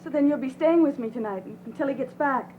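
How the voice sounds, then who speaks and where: Woman as a scared young woman, high voice, stammering pleas, thin lo-fi sound, music behind. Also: a little hiss or hum, lightly acted. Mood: anxious. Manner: halting, pleading, stammering. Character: frightened young woman, clingy and pleading. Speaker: frightened patient in bed. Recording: dull, phone-like lo-fi sound with music.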